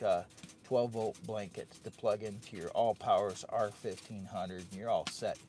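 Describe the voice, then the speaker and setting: A man's voice: mid-range voice, darkish tone. An older man talks casually through a livestream from his hot tent on a windy day. He rambles in a friendly way, repeats phrases and talks about himself in the third person. Faint noise sits under his voice. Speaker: camping livestream host.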